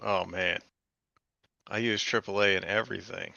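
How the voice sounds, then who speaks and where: Gravelly man with short wry remarks. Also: on the low side, steady tone, normal speed, bright, forceful tone, no room sound. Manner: brief wry interjections. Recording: dull lo-fi livestream audio.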